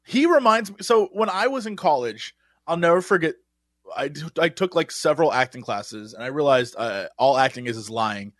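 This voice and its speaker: A young man co-hosting a podcast in casual chat, goofy and quick to slip into silly impressions. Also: a little high, animated, fairly bright tone, no room sound, clean studio sound. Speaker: podcast co-host.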